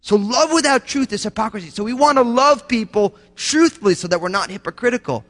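Male pastor, high voice, impassioned sermon delivery that swings from loud emphasis to a hush, echoing sanctuary. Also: expressive, fairly quick, faint music behind. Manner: impassioned preaching, swinging from loud emphatic lines to hushed low ones. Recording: long hall reverb.

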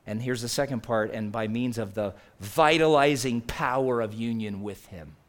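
A man preaching a sermon in a conversational way, rising to loud emphasis and dropping to near-quiet asides. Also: mid-range voice, moderate pace. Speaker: pastor.

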